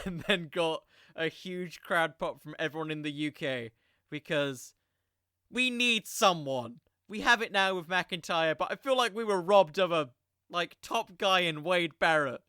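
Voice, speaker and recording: A man's voice: on the high side, measured pace, sharp tone, smooth, no echo, clean studio sound. A young man hosting a podcast, talking in a casual, rambling monologue that keeps drifting onto tangents. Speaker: podcast host.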